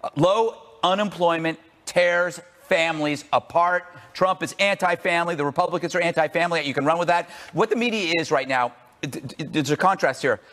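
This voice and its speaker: A male co-host on a panel talk show, sarcastic and quick, riffing in mock voices. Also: fairly high pitch, a bit bright, in a large hall. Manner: sarcastic, rapid, mocking impressions. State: out of breath.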